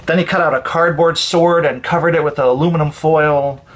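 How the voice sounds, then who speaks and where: A man calmly and expressively reading a children's story aloud as storyteller. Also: fairly high pitch, moderate pace. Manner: calm, expressive read-aloud.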